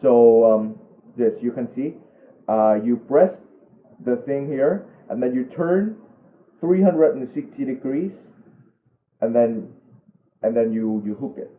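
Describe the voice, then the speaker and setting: A young man runs a casual calligraphy tutorial, pausing on fillers and repeating words as he demonstrates. His voice sits at an ordinary middle pitch. The audio is tinny and narrow, like a phone line. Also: reverberant. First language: Vietnamese. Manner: halting, many fillers and restarts, friendly asides. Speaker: calligraphy instructor.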